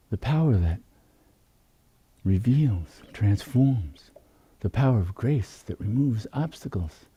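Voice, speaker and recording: Meditation teacher, male, low husky voice, very slow and gentle. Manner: soft, unhurried, drawn-out phrasing. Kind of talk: slow spiritual talk.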